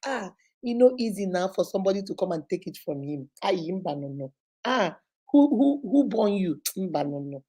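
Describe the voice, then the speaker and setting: A woman's voice: medium pitch, a little mellow. A middle-aged woman with a Nigerian accent hosts a live stream, greeting viewers by name in an exuberant, preachy way.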